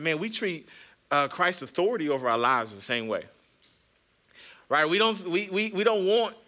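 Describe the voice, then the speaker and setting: Man, pastor, thirties, chatty storytelling sermon, bright tense tone. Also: a little high. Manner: chatty, jokes with the congregation. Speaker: pastor and podcast host. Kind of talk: conversational sermon with personal stories.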